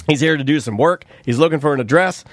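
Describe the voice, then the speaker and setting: A man co-hosting a casual podcast chat, telling stories in an animated, profane, mocking way. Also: on the high side, fast talker, no echo. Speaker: podcast co-host. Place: studio room.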